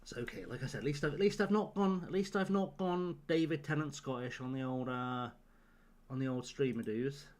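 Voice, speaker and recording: With a brisk, darkish, medium-pitched voice, a live game streamer talks to his chat. He jokes with them in a sardonic, profane way.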